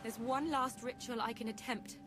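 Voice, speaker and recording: An actress voicing a solemn woman in a pirate game who is about to attempt a forbidden ritual, speaking earnestly and gravely. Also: on the high side, steady tone, normal speed, close to an everyday voice. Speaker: game character. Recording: game audio under music.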